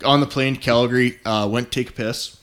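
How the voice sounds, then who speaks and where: A man from Canada telling hunting stories in casual talk, animated and swearing, acting out what people said. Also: medium pitch, fairly quick. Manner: animated, swearing, acts out quotes. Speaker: guest hunter. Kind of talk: casual storytelling.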